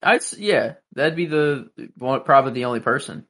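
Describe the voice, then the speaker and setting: A man's voice: medium pitch, lively intonation, normal speed, fairly bright tone. A young man co-hosting a podcast, chatting about a TV show with frequent hesitations and restarts. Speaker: podcast co-host. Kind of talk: casual chat about a TV show.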